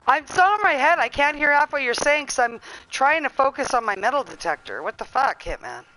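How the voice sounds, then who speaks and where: A woman from Western Canada with a Canadian accent chats casually with friends while streaming a game, laughing, teasing and swearing freely. Her high-pitched voice is very animated, fairly quick and sharp, and the recording is low quality.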